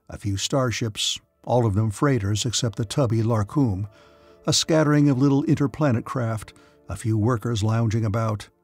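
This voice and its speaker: A man narrating a science fiction audiobook in a steady, measured way. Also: mid-range voice, husky. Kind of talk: scripted narration.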